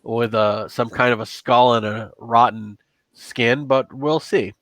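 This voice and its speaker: A man's voice: mid-range voice, fairly even intonation, measured pace, a bit bright, no room sound, pitched below the performer's own voice, lightly acted. A man doing a blunt Roman guard officer. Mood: brusque. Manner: blunt, matter-of-fact. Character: gruff practical male Roman guard officer.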